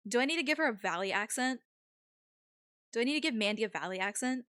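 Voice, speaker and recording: A woman's voice: a little high, animated, fast, long pauses, a bit bright, no room sound, clean studio sound. A young woman streaming a game, chatting casually and laughing easily as she plays. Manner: giggly, easily amused. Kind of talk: casual gameplay commentary.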